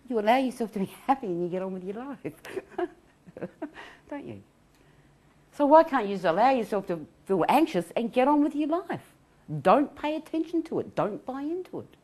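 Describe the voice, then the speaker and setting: A middle-aged woman giving an animated self-help talk on anxiety recovery. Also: on the high side, moderate pace. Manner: animated, acts out quoted voices, laughs often.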